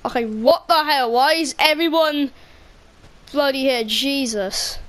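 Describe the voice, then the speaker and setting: A woman giving excitable, cheeky live commentary over a game she is playing. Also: high voice, measured pace, a little hiss or hum. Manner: excitable, cheeky banter with other players. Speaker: gaming video creator.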